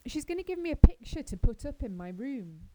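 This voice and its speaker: A woman reading aloud as a chatty, dreamy orphan girl who gushes with wide-eyed excitement. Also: sits high, fairly quick, a little hiss or hum, pitched above the performer's own voice, poor audio. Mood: gushing. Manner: breathless, gushing and wide-eyed. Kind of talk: audiobook character reading.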